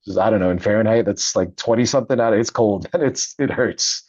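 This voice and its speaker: Middle-aged male guest, low husky voice, animated storyteller, dry dull recording. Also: fairly quick, no room sound. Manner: animated, laughs often, acts out quoted voices. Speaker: podcast guest, Navy veteran and author. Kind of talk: casual storytelling interview.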